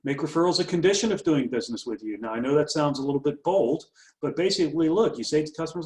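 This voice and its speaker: A man working as a business coach, giving brisk, upbeat marketing tips. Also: on the high side, animated, a little mellow. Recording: roomy echo.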